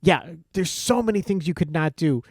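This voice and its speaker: A man's voice: on the high side, animated, normal speed, dry recording, clean studio sound. A man in his fifties from the American Midwest, co-hosting a podcast in a casual, agreeable way. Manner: agreeable, lots of yeahs. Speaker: podcast co-host. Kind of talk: casual chat.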